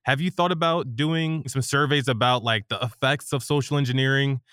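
A man's voice: mid-range voice, a little fast, a bit bright, clear, resonant tone, no echo, studio quality. A male host asking questions in a casual interview, enthusiastic and affirming.

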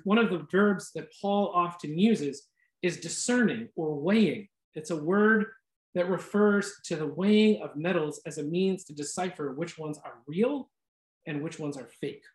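A man giving an earnest, reflective talk at a Christian study community, pausing for restarts and asides. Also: sits high, roomy sound.

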